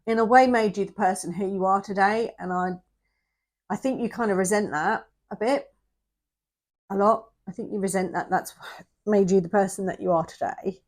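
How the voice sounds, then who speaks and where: A woman's voice: mid-range voice, fairly even intonation, normal speed, long pauses. A woman giving a tarot reading to the camera, close to tears and speaking straight to the viewer, sometimes dropping to a whisper. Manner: emotional, addresses viewer directly, often drops to a whisper. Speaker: tarot reader.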